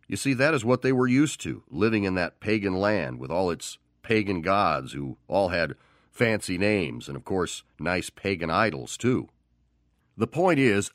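A man's voice: low voice, no room sound, studio quality. A man preaching a sermon, who tells the story with animation and acts out the voices of the people in it.

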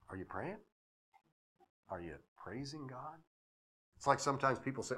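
A man preaching a sermon, swinging from emphatic declarations to hushed, reverent asides, with conversational anecdotes. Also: mid-range voice, lively intonation, moderate pace, pauses often, breathy edge. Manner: conversational, with chuckles and acted-out anecdotes. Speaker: pastor.

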